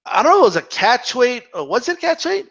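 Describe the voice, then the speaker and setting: A man with a high voice hosts a casual live Q&A stream. He rambles loosely and swears freely, and the sound is dull and lo-fi. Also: very animated, fast, creaky, a bit bright. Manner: rambling and profane.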